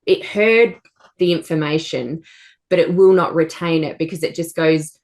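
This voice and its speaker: A woman's voice: low voice, steady tone, normal speed, a little mellow. A woman coach in a casual chat, enthusiastic and encouraging, giving everyday examples. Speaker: co-host and coach.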